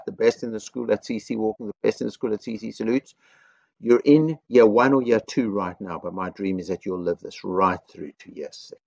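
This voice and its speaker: A man, a headteacher, giving a school assembly to young children with slow, simple explanations and lots of repetition. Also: fairly low pitch, gravelly, a little mellow, dry recording, highs cut off.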